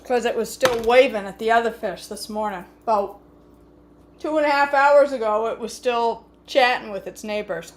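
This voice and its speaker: A woman's voice: on the high side, moderate pace. A woman hosting a casual cooking vlog from her home kitchen, chatty, folksy and joking. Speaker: vlog host.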